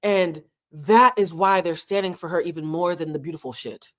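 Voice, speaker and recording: A woman commenting on a reality show in a candid, emotional way, with dramatic pauses and moments of being moved. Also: on the low side, fairly bright tone.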